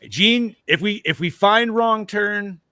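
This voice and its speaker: A man hosting a casual horror movie podcast, excitable, swearing a lot and laughing often. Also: high voice, slow, clean tone, no room sound, studio quality. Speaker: podcast host.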